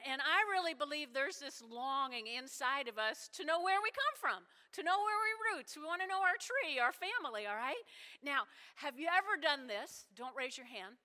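A woman pastor preaching a sermon, telling animated stories and talking directly to her congregation. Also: high-pitched. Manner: animated storytelling with asides to the congregation. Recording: hall reverb.

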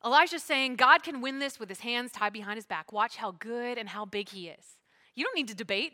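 A woman pastor preaching a sermon, swinging between loud emphatic lines and hushed asides. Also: a little high, expressive, fairly quick.

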